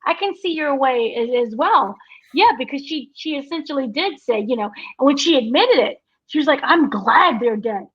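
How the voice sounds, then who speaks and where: On dull lo-fi audio, a woman co-hosting a relaxed TV review conversation, an entertainment editor, discusses the show and performs lines from it. She speaks at normal speed in a high-pitched, expressive voice.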